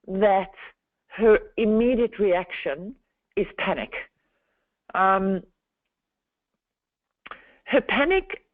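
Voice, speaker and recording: A middle-aged woman, a counselor and trainer giving a webinar presentation in a slow, deliberately calming manner. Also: mid-range voice, no echo. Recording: dry, phone-like webinar audio.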